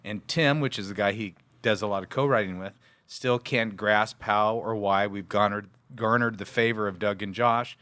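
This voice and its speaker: A man's voice: lowish voice, normal speed, sharp tone, dry recording. A man co-hosting a casual youth ministry podcast, chatting and reading listener emails aloud. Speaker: podcast co-host.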